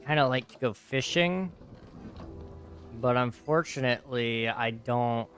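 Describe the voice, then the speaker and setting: A man's voice: medium pitch, measured pace, fairly bright tone, soft background music. A tired young man casually chatting with his viewers while gaming on a livestream, rambling and answering chat. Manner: easygoing, rambling, reads chat aloud and answers it. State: tired, yawning. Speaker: gaming streamer.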